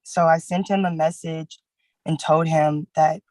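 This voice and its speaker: A woman giving testimony at a court hearing, retelling events in a halting way with many fillers. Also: low-pitched, steady tone, a little mellow, no echo, poor audio.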